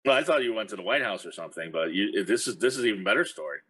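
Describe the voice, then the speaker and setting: Lower, bright-toned male podcast host. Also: animated, slightly rough. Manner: joking, chatty, quick asides. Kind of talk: casual interview.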